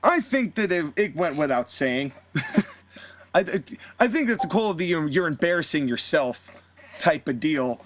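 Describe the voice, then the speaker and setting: A man hosting a podcast, casually recapping a wrestling storyline with animated storytelling. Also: a little high, normal speed, slight background noise. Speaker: podcast host.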